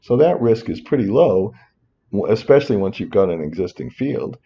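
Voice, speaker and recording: A man's voice: fairly low pitch, lively intonation, moderate pace, dark tone, muffled recording. A man teaching finance over a spreadsheet in a rambling way, breaking off into muttered asides and apologies. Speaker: finance instructor. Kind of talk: screen-recorded spreadsheet tutorial.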